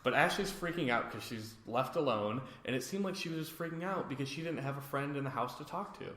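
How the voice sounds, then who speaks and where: At a quick pace and in a mid-range voice, the man recounts a reality show on his podcast, playing out the cast's lines with animated storytelling. The room sounds echoey.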